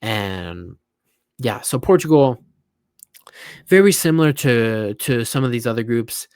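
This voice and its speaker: A young man giving casual, opinionated football reaction commentary, tired and animated by turns and often repeating himself. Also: medium pitch, measured pace, smooth, no echo, studio quality. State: tired, yawning.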